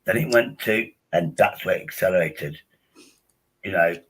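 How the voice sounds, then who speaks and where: A man hosts a casual livestream. His voice is low and husky, with a bright, forceful edge. He rambles, restarts often and tells crude jokes. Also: moderate pace, rough recording. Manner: rambling, restarts a lot, bawdy humour. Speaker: livestream host.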